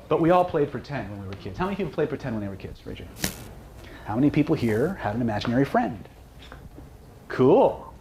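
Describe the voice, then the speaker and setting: A man's voice: medium pitch, sing-song, moderate pace, long pauses, mellow, a little hiss or hum. A man giving a live seminar talk, joking with and quizzing the audience. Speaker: seminar presenter, hypnosis trainer.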